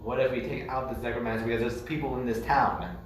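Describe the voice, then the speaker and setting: A man's voice: mid-range voice, fairly even intonation, quick pace. Man player in a very echoey room. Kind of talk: casual tabletop chat. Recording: very echoey room, distant mic, faint music.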